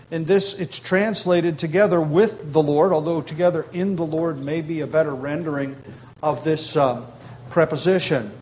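A pastor delivering an expository Bible sermon, measured and explanatory, with emphatic rises and frequent "um" and "uh". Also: male voice, fairly high pitch, darkish tone, rough recording.

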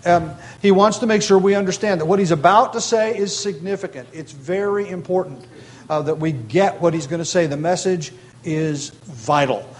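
A male pastor teaches through a scripture passage in a steady, explanatory sermon. His voice sits a bit higher than most men's, and he lifts it to stress key points while filling pauses with small hesitations. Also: low-quality recording. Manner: measured teaching with emphatic rises and frequent fillers. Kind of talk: expository sermon.

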